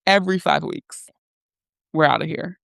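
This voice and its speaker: A woman hosting a podcast in casual chat, teasing and quick to laugh. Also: low-pitched, creaky, a bit bright, dry recording, clean studio sound. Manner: laughs easily, chatty and teasing. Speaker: podcast host.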